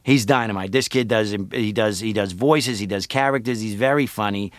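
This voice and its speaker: Man doing a salesy talent agent, low gushing pitch, dry close sound, eager sell. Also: moderate pace, no echo, lightly acted. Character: fast-talking male talent agent pitching a comic.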